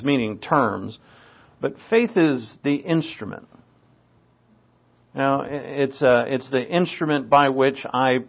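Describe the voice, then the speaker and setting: A man's voice: mid-range voice, creaky. A man teaching a Bible passage from the Greek, explaining and emphatic, often restarting his phrases. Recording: dull lo-fi recording.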